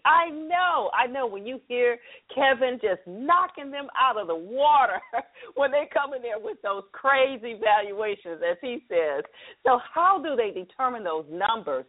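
An upbeat, chatty woman hosts her own radio talk show, speaking to listeners in a fairly high voice. Her voice arrives through a tinny, phone-like line, thin and narrow in sound. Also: lively intonation, unhurried.

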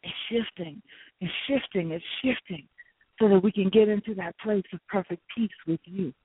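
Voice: mid-range voice, moderate pace, slightly rough, no room sound. A prayer leader praying fervently and speaking in tongues, repeating phrases in rhythmic waves that swell and drop. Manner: repetitive, rhythmic, swells and drops in intensity. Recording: tinny phone line, dry.

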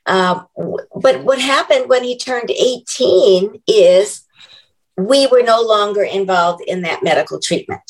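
An older woman talks as an interview guest at a middle pitch. She speaks in a reflective, earnest way and measures her words. Her tone is steady and conversational. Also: a little slow, low-quality recording.

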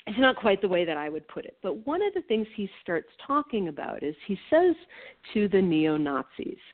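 A woman co-hosting a reflective conversation, earnest and animated, laughing often as she talks. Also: medium pitch, normal speed. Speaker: co-host. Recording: tinny phone-like line.

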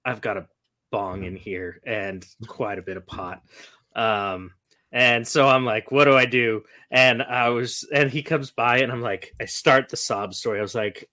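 A man from Northern California co-hosting a podcast, telling a story with lots of animation and acted-out quotes. His voice is bright and forward. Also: medium pitch, steady tone, moderate pace. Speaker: podcast co-host. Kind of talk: casual storytelling.

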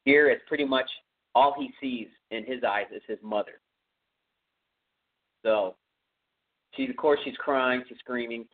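A man talks through a horror film from home in a loose, rambling style, full of fillers. His voice sits at an ordinary pitch, and the sound is thin and phone-like. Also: measured pace, long pauses. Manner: rambling, many fillers, conversational. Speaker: podcast host. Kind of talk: casual film recap. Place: home room with a cat.

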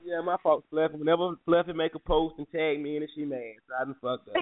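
A man's voice: fairly high pitch, level tone, quick pace, hardly any pauses, background noise. A man hosting a casual morning podcast, trading profane, joking banter. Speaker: podcast host. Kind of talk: casual chat. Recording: phone-like narrow sound.

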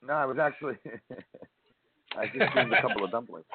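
A man's voice: medium pitch, normal speed, heavy background noise. A man guest who organizes food festivals, telling a long story in casual chat and swearing now and then. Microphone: phone call. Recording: phone-line audio.

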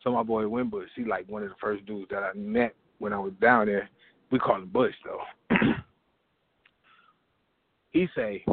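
A man's voice: mid-range voice, gravelly, breathy edge, no room sound, phone-quality sound. A man at an open mic line, telling a profane comic story and acting out the voices in it over the phone. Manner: animated, acts out voices in his story. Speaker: open mic comedian calling in.

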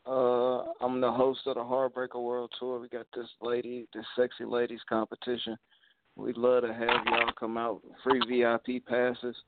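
A man from Alabama with an Alabama twang, a rapper guest talking casually in laid-back slang and giving shout-outs. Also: mid-range voice, completely flat delivery, normal speed. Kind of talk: casual interview over a call. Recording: tinny phone-like call audio, dry.

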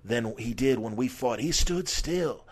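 A man's voice: medium pitch, animated, measured pace, slightly rough. Man doing a slurred, boastful ageing boxing champ, playful. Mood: thoughtful. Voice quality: slightly slurred speech.

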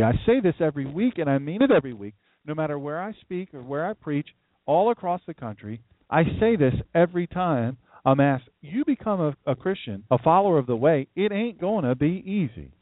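A man from downstate Delaware delivers a livestream sermon in a folksy, conversational way, wandering into rambling asides. His pitch sits a little high and moves a lot. The sound is dry and tinny, like a phone line. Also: no room sound. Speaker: pastor.

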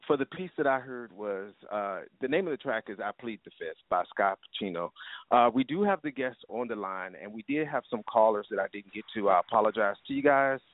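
A man's voice: on the low side, expressive, fairly quick, dry recording. A man hosting a call-in show in a laid-back, affirming way. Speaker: radio show host. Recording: tinny phone-line audio, dry.

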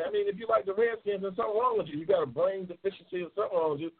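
A man's voice: high-pitched, fairly even intonation, rapid-fire, breathy edge. A man hosting a live call-in talk show, trash-talking and teasing callers with lots of cursing. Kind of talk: casual live call-in banter. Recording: tinny phone-line sound.

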